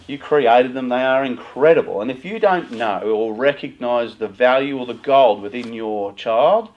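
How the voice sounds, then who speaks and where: A middle-aged man giving an animated motivational talk to parents as a youth worker, acting out the voices of parents and teens. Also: medium pitch, normal speed, muffled recording.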